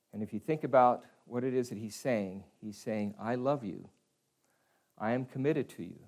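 A middle-aged man preaching a sermon in an earnest way, often dropping softer to speak as God. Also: on the low side.

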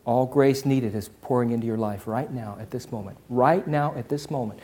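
Man preaching, loud then hushed. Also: mid-range voice, brisk. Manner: swings from loud impassioned preaching to hushed near-whisper. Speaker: pastor. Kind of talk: sermon.

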